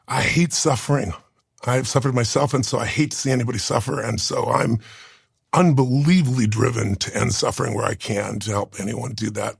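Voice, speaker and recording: A man in his sixties speaks earnestly in an interview, his voice gravelly and husky. He sounds close to the mic in a dry, dead room, with moments of deep feeling. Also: dry recording. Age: 60s. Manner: earnest, heartfelt, tearful at times. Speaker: interview guest. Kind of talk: emotional storytelling.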